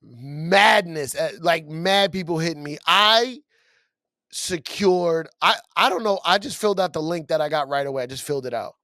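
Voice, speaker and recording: A man's voice: fairly high pitch, normal speed, pushed and bright, no room sound, clean studio sound. A man co-hosting a podcast, telling a story in casual chat, acting out quotes and laughing often. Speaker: podcast co-host. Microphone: studio podcast mic.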